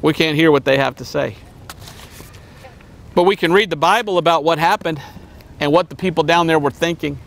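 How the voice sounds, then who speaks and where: A man, a missionary evangelist, preaching a sermon in an emphatic way, with high exclamations and low drops. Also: moderate pace, creaky, long pauses, a bit bright.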